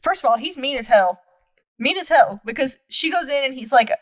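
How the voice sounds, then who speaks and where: A woman's voice: on the high side, moderate pace. A woman in her twenties co-hosting a podcast, chatting casually and rambling, acting out quotes in mocking voices. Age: 20s. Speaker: podcast co-host. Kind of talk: casual chat.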